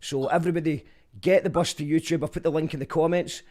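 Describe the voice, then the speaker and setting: Chatty radio host, high voice. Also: male voice, fairly even intonation, fast, a little mellow. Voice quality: chatty, reads out comments. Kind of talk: live online radio show hosting.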